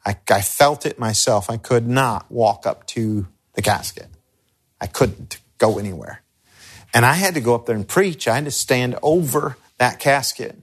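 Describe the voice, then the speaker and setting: A middle-aged man, a pastor, teaching crisis care in an earnest, halting, conversational way with personal stories. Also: mid-range voice, slightly rough. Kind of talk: instructional talk with personal stories.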